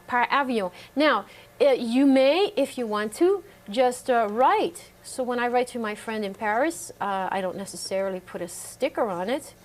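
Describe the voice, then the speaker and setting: A middle-aged woman teaching French to a remote class, reading French sentences aloud and translating each one into English with many fillers. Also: on the high side.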